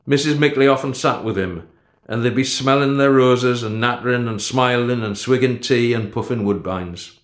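A man narrating a first-person story in a steady storytelling manner. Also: mid-range voice, normal speed. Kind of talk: storybook reading. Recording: echoey room.

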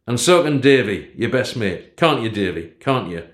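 A man voicing a rough, plain-spoken working-class father, blunt but tender. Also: mid-range voice, animated, moderate pace, close to an everyday voice. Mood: gruff tender. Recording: roomy echo.

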